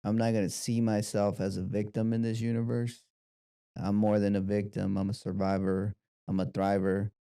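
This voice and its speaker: A low-pitched male host with a gravelly, dark voice. He recaps his guest's story and guides him with encouraging questions, heard in a dry, close recording with no room sound. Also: flat delivery, normal speed, no echo. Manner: warm, encouraging, summarizing questions. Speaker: podcast host. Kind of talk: interview.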